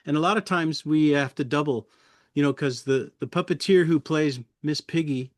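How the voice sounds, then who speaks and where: A man's voice: a little high, normal speed, no room sound, clean studio sound. A man who works as a puppeteer, chatting casually as an interview guest, chuckling often and rambling loosely through his memories.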